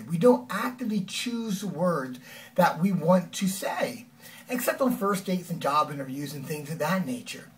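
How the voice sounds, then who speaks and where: A man giving an energetic, conversational motivational talk as a life coach, often acting out quoted lines. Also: high voice, far from the mic.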